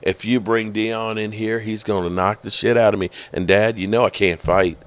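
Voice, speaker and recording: A man's voice: steady tone, close to an everyday voice. Man mimicking a hesitant team executive. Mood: sheepish. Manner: halting, full of uh fillers; low and subdued. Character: hesitant male football team executive, middle-aged.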